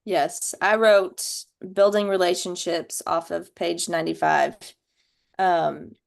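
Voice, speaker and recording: A woman sharing book notes in a casual video-call discussion, unhurried and thoughtful, with many ums. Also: on the low side, fairly even intonation, vocal fry. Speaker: book study participant.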